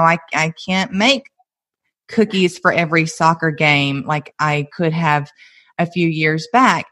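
A woman, a mother and guest, telling stories in an animated, casual way and laughing often as she talks. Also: fairly low pitch. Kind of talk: casual conversational storytelling.

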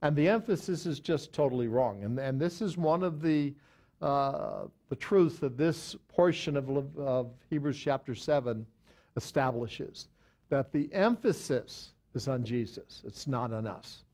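A man's voice: mid-range voice, a little slow, dark tone. A man teaching a Bible study, talking unscripted with many fillers and self-corrections, and reading verses aloud with added emphasis.

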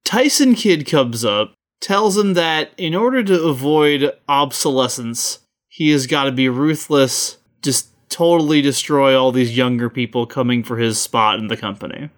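A man co-hosting a podcast who talks quickly in casual chat and laughs often. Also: medium pitch. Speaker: podcast co-host.

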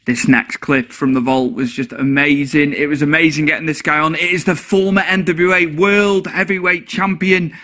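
Give me an eager male host with a bright, sharp voice introducing a guest. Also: fairly high pitch, steady tone, normal speed, hardly any pauses. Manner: enthusiastic, effusive praise. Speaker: podcast host. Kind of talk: introducing guests and asking questions.

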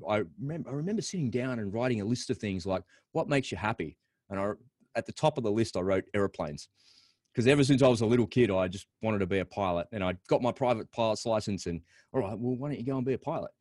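A middle-aged man with an Australian accent speaks in a somewhat low voice as a podcast guest. He thinks aloud, restarting and repeating words as he tells his story openly. The sound is dry and close, with almost no room echo. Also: fast talker, darkish tone. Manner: rambling, repeats words, candid. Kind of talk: reflective interview storytelling.

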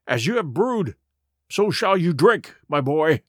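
Man playing a kindly middle-aged doctor, earnest, higher voice, dry close sound. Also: big pitch swings, unhurried, no echo. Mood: sad. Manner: earnest, rising to urgent pleas.

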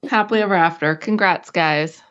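A woman's voice: fairly low pitch, fairly quick, a bit bright, highs cut off. A young woman co-hosting a podcast in casual chat, joking and trailing off mid-sentence. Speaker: podcast co-host.

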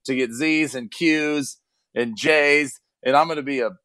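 A man's voice: a little high, unhurried, pushed and bright, dry recording. A man in his thirties co-hosting a casual sports podcast, joking and sarcastic as he chats. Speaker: podcast co-host, former player.

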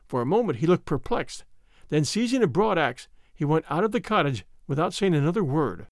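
Man reading a story aloud, high voice, lots of lilt, dry sound. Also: sing-song, dry recording. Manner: measured, dramatic storytelling. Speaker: audiobook narrator. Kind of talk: scripted first-person narration.

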